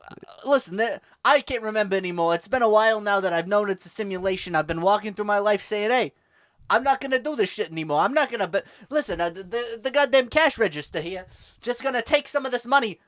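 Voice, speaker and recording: A man's voice: high-pitched, fast talker, a bit bright, dry recording, clean studio sound. A man doing a rambling Boston-accented tough-guy impression in an improvised comedy sketch, full of fillers. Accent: Boston put-on. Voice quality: gruff wiseguy, bada bing catchphrase.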